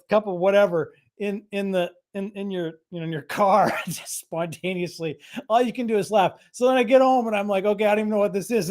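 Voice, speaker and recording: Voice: medium pitch, darkish tone. A host of a live online creator show, talking casually to viewers in a rambling, chatty way, often restarting sentences. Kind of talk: casual livestream chat.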